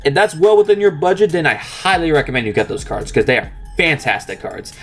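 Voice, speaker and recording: Upbeat young man, lively voice. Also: on the high side, brisk, soft background music. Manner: upbeat, chatty, explains step by step. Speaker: card game channel host. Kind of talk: casual deck profile walkthrough.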